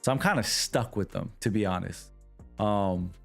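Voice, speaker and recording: A man's voice: lowish voice, normal speed, vocal fry, faint music behind. A young man hosting a livestream, telling his chat a long, exasperated story and voicing the people in it. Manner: animated, exasperated retelling with voiced quotes. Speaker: livestream host.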